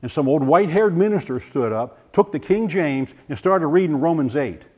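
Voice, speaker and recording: Older man, personal testimony, animated storyteller, restarts, slightly high pitch. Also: normal speed, slightly rough. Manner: animated storyteller, acts out voices, stumbles and restarts. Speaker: former science teacher giving a testimony. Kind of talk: personal testimony talk to a group.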